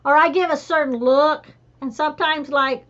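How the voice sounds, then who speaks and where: High-pitched chatty mom hosting a casual video chat, kinda lo-fi sound. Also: female voice, normal speed, over a noisy crowd. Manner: chatty, animated storyteller. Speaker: host.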